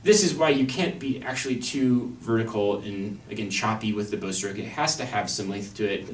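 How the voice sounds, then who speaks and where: A young man teaching a violin excerpt in a thoughtful, wry manner, with fillers and restarts. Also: lowish voice. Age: young adult. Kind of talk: instructional talk on an orchestral excerpt. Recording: echoey room, mic at a distance.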